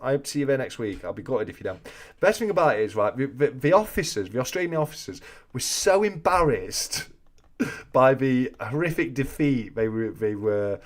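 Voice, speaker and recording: Bloke, livestream host, joking banter, mid pitch. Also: male voice, animated, normal speed. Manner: chatty, joking, reads out viewer comments. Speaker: host of a coin-collecting live chat. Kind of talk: casual livestream chat.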